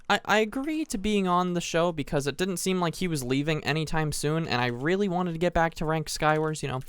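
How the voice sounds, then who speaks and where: A teenage boy telling a long, rambling story as casual commentary over a game he is playing, animated, restarting sentences and adding asides. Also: on the high side, clean tone, no echo. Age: teens. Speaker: gaming channel host.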